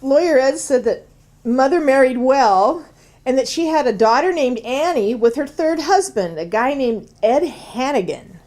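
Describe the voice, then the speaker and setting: A woman doing a flustered stammering small-town lady, high voice, swooping pitch, comic radio soap. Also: lively intonation, a little slow, darkish tone. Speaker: radio drama actress.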